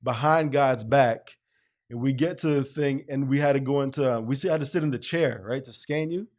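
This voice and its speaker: A man hosting an interview, telling a story in an animated way and laughing often. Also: mid-range voice, normal speed. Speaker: host.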